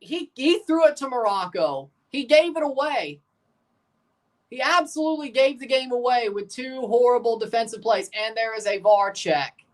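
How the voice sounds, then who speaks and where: A man streaming his live reaction to a football match, swinging between muttered grumbling and loud, exasperated shouts. He sits a little back from the microphone, so his voice comes across slightly distant. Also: very high voice, moderate pace. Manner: excitable, exasperated, bursts into shouts. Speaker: watchalong streamer.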